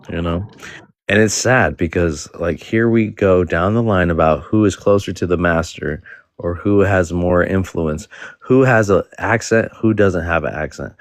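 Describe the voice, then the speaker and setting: Deep gravelly man ranting. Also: no room sound. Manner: ranting, rapid rhetorical questions. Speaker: panel host. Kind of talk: heated live panel discussion.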